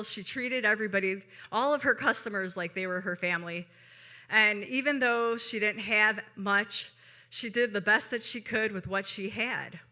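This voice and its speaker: A woman from Chicago telling a story at a live show, chatty and conversational, turning to the audience with quick asides. Her tone is very bright and sharp, with a middle-range pitch. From Chicago, USA.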